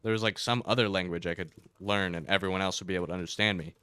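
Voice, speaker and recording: A man's voice: low-pitched, steady tone, rapid-fire, pushed and bright, clear, resonant tone, no echo. A young man giving a casual, sarcastic comedic rant to camera, packed with "like" fillers and playful exaggeration. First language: English. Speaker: YouTuber.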